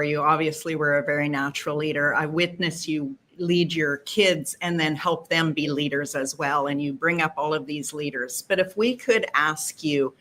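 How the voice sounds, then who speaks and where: A woman with a very low voice asks a guest a question on a video call. A little background noise sits behind her. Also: a bit bright. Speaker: co-host asking a question. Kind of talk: interview question. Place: virtual event, video call.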